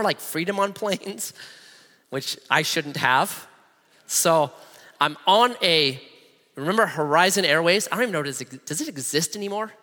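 A middle-aged man preaches with animated, humorous storytelling. His voice sits high and swings widely in pitch. A long hall reverb trails his words. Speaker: pastor. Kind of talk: sermon with personal storytelling.

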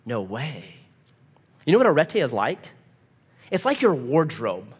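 A man's voice: medium pitch, measured pace, husky, long reverb tail. A man preaching a sermon as a pastor, telling stories vividly and acting out the voices in them. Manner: animated storytelling, acts out quoted voices.

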